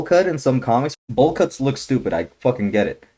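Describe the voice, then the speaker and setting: A young man ranting through a trailer reaction, blunt and heavily profane, swinging from grumbling to shouting outrage. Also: mid-range voice, big pitch swings, moderate pace, hardly any pauses. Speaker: YouTuber reacting to a movie trailer.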